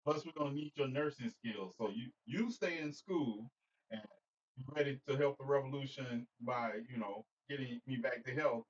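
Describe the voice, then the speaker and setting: A man's voice: mid-range voice, normal speed, distant mic, a little hiss or hum. A man hosting a casual livestream, joking and rambling as he talks to viewers by name. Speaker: livestream host. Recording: dull lo-fi sound, slightly off-mic.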